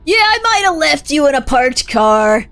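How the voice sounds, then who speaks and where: A woman voicing a self-pitying deadbeat father who whines and makes excuses, higher and louder than her own voice. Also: sing-song, normal speed, faint music behind, exaggerated voice. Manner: whiny, excuse-making. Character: self-pitying deadbeat dad, middle-aged man.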